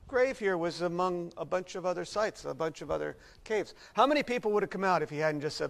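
Man, preacher, sermon, high voice, earnest, shifts from hushed to emphatic. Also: fast, creaky, few pauses, poor audio. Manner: earnest, swings between quiet reflection and loud emphatic delivery.

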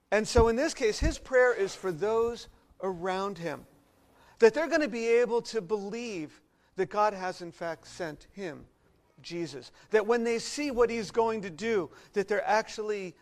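Man, preacher, sermon, high voice, earnest, shifts from hushed to emphatic. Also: poor audio. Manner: earnest, swings between quiet reflection and loud emphatic delivery.

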